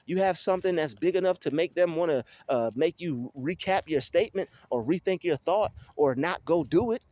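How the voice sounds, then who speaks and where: Guy doing a casual motivational rant, keeps repeating himself, kinda high voice. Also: expressive, moderate pace, a little mellow. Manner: repetitive, emphatic, preachy. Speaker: motivational vlogger.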